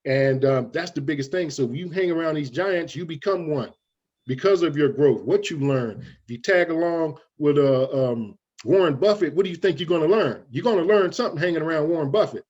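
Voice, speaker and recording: A man's voice: a little high, fairly quick, darkish tone, lo-fi sound. A man as an interview guest giving folksy, preachy motivational talk, often calling his listeners "guys".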